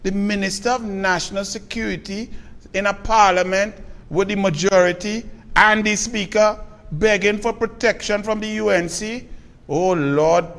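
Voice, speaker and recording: Trinidadian host, biting emphatic rant, fairly high voice, long reverb around it. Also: male voice, a bit bright. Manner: scathing, mocking, emphatic. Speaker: political commentator host. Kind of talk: political commentary rant.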